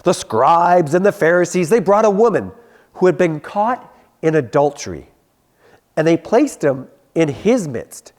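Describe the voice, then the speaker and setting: Taking an unhurried pace with a voice on the high side, a young adult youth pastor tells stories during his youth sermon. He gets animated, acting out characters' voices and chuckling at his own anecdotes.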